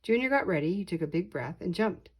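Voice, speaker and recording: An older woman, a grandmother, reading a children's picture book aloud slowly and expressively. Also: lowish voice, slightly rough. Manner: slow, deliberate, expressive reading. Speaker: storyteller.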